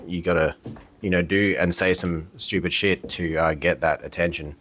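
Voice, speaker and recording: A man's voice: deep voice, fairly even intonation, moderate pace, fairly bright tone, slight background noise. A man ranting casually to his camera, heated and profane, repeating himself with lots of fillers. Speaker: vlogger. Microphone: camera mic.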